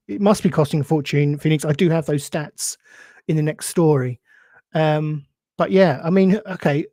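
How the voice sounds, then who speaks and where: A man's voice: a little high, dark tone, no echo, clean studio sound. A man hosting a podcast in casual chat, answering viewer comments with many restarts and rambling asides. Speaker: podcast host.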